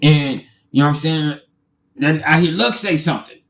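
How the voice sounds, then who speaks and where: A man, telling a casual storytime, animated, laughing often and swearing freely. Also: on the high side, moderate pace.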